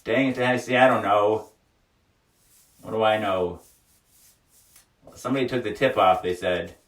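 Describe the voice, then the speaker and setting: Low-voiced laughing man in an echoey sauna. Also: fairly even intonation, a little slow, recorded from a distance. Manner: laughs often, joking and frank. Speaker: livestream host. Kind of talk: casual chat reading viewer comments aloud. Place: small wooden sauna. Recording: echoey room, voice away from mic.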